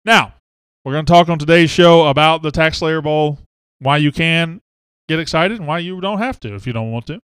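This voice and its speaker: A man's voice: on the high side, fairly quick, a bit bright, clean tone, no room sound, clean studio sound. A man, hosting a casual live sports talk show and greeting viewers by name and hometown. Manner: chatty, reads out viewer names and hometowns.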